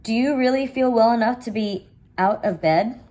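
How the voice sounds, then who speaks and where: A busy, caring mother bear speaks gently and warmly to her children, as a woman reads her lines. It is a plain storybook read-aloud. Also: on the high side, normal speed, pitched above the performer's own voice, lightly acted. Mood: gentle.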